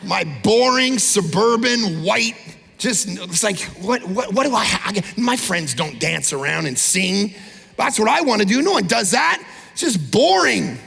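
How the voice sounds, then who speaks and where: A man preaching an energetic sermon, his voice high and heavily gravelly. His tone is bright and husky. He pushes up into shouts and acts out the people he describes, and a long hall reverb trails each line. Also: a little slow. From Canada. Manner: animated, shouting peaks, mimics people. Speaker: pastor. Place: large church auditorium.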